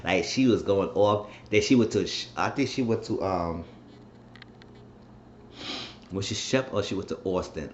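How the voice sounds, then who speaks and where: A man with a lowish voice rambles through a casual reality show recap, jumping around and mimicking what people said. The sound is roomy and dull, with a faint hiss behind him. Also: a little slow, pauses often. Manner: rambling, animated retelling with mimicked quotes.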